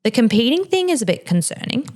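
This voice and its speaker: A woman's voice: fairly high pitch, very animated, fast, darkish tone. A woman hosting a podcast, a mother answering listener questions in a frank, chatty way, with plenty of "like" and "you know". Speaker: podcast host. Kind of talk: casual advice chat.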